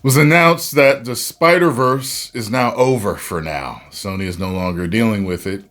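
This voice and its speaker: A man reviewing a movie in a casual video rant, animated and breaking into loud exasperated outbursts. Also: lowish voice, normal speed, soft background music.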